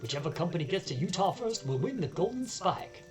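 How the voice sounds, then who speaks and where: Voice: medium pitch, big pitch swings, brisk, lightly acted. A player voicing an old-timey railroad boss in a put-on Southern accent, over game music. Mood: urgent. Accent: put-on American Southern.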